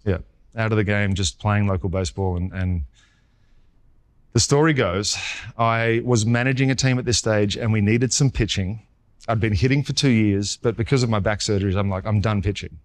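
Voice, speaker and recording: A man in his forties with an Australian accent, a former pitcher guest telling his story in a casual interview and acting out the dialogue. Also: moderate pace. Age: 40s. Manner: lively storyteller who acts out quoted dialogue.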